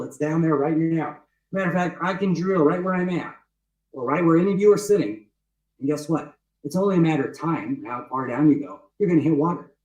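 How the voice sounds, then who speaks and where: A man with a slightly high voice teaches a webinar outdoors, pressing his points and asking his listeners rhetorical questions. He sounds roomy and echoey, well away from the mic. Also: distant mic. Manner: insistent, repeats his points, asks the audience rhetorical questions. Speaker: webinar presenter walking through his book. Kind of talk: emphatic teaching talk. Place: outdoors with trees behind him.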